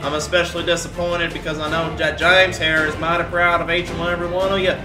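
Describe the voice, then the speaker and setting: A man's voice: fairly high pitch, little pitch movement, fast talker, roomy sound, music in the background, natural voice, poor audio. A man voicing a folksy older male Texan team owner with a put-on drawl and cowboy sayings. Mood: stern. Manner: homespun cowboy sayings, salesman-like.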